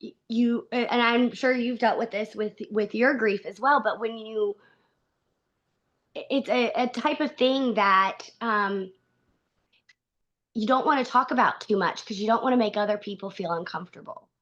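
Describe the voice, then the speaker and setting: A woman's voice: fairly high pitch, fairly bright tone. Earnest woman guest, slightly muffled. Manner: earnest, halting, frequent restarts. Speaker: podcast guest. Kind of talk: conversational interview.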